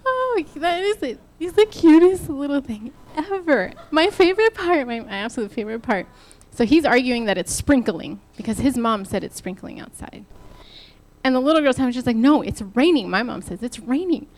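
A woman preaching to a church in a lively, laughing, conversational sermon style. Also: sits high, normal speed. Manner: animated, laughing while retelling, addresses the church directly.

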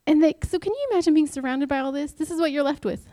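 A woman's voice: high-pitched, quick pace, dark tone, no room sound. A married woman giving a casual devotional talk, chatty and self-deprecating, acting out the lines she quotes. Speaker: Bible study speaker.

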